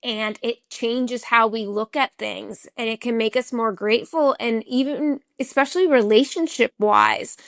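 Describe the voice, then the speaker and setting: Earnest young woman, higher voice, dry sound. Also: creaky, no echo. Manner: earnest, reflective, many "you know" and "like" fillers. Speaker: podcast guest, chronic illness advocate. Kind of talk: candid conversational interview.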